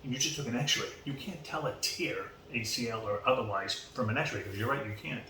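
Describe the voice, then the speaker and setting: Brisk and mid-range in voice, a fifty-something man with a Boston accent spins long stories as a podcast guest, acting out the quoted exchanges with animation. Faint background noise and a distant mic give the casual recording a roomy sound.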